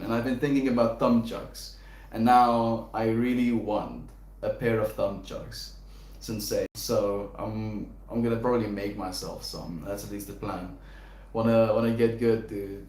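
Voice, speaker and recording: In an echoey room with a little hiss or hum, a young man runs a relaxed live stream, going through viewer comments. His mid-range voice has a darkish tone, and he laughs a lot while calling people dude and bro.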